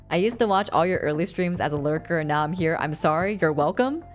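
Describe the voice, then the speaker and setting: Lively young woman chatting on stream. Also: on the low side, moderate pace, pauses often, soft background music. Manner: animated, laughs often, reads chat aloud. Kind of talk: casual live-stream chat.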